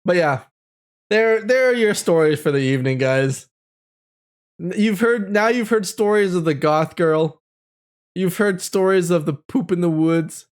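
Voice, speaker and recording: Male, 30s, host recounting a childhood ghost story; expressive, chatty, rambling delivery. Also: sits high, a little slow, clear, resonant tone. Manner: animated storytelling with frequent laughter and fillers. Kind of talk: telling a personal ghost story.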